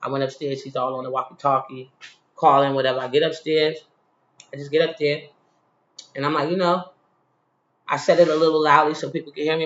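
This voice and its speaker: A man's voice: fairly high pitch, brisk. A man telling a personal story in a casual, heated, slang-filled monologue, retelling a frustrating day. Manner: animated, heated, slangy retelling with frequent "you feel me". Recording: roomy, slightly dull recording.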